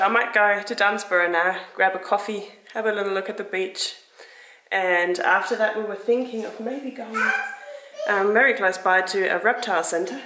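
This young woman's voice is medium-pitched with a sharp edge, captured on a rough recording. She's a travel vlogger chatting casually to a handheld camera outdoors at a beach and a bustling reptile park, upbeat, laughing a lot and occasionally addressing her toddler.

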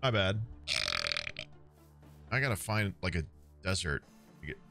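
Excitable man streaming, lively low voice. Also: a little slow, faint music behind. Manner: excitable, swears a lot, talks to chat. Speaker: streamer playing a game. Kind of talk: casual game stream chatter.

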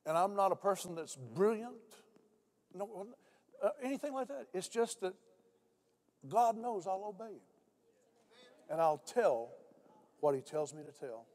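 An older man preaching a sermon to a church congregation, dropping his voice low when he tells stories. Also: lively intonation, measured pace, long pauses, a little mellow. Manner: storytelling preacher, voice drops low for quoted speech. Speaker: pastor. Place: church sanctuary.

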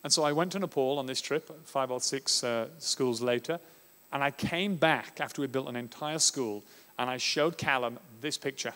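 A man from Australia giving a conference talk on education, animated and acting out classroom scenes. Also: medium pitch, normal speed. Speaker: education speaker. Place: conference hall. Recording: reverberant hall.

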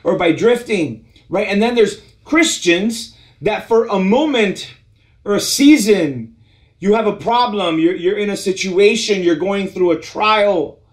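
A man delivers an earnest sermon straight to camera for an online church service. His voice sits slightly high for a man. He moves between lifted, emphatic lines and quiet, near-whispered reassurance. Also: expressive, unhurried. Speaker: pastor.

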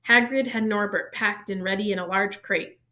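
A woman reading a children's novel aloud, narrating in an even, steady storytelling manner. She keeps the flow plain, now and then catching and fixing a slipped word. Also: mid-range voice, moderate pace. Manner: even storytelling pace, small self-corrections. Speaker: reader.

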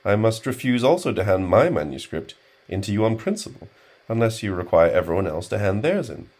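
A man's voice: on the low side, lively intonation, a little mellow, pitched above the performer's own voice. A man voicing a pompous, indignant young student. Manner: stiffly formal, wheedling, quick to take offense.

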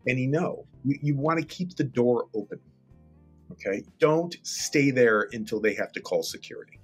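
A man's voice: mid-range voice, lively intonation, normal speed, slightly rough, faint music behind. A middle-aged man, a guest animator and director, telling an anecdote casually and animatedly, acting out scenes and swearing freely.

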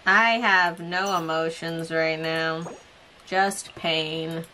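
A woman's voice: low voice, fairly even intonation, drawn-out words, noisy background. A woman streaming a game, reacting in a dramatic, pleading way with plenty of swearing. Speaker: gaming streamer. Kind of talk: emotional casual reaction vlog. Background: game music.

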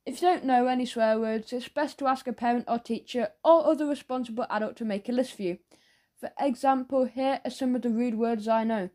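A woman narrating a children's audiobook in a playful, expressive storytelling manner. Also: a little high, fairly quick.

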